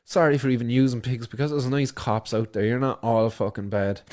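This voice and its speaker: A man's voice: mid-range voice, fairly even intonation, brisk, hardly any pauses, darkish tone. An Irish man hosting a news vlog, tearful with a blocked nose, speaking with passion and heavy swearing. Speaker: host of a home news show.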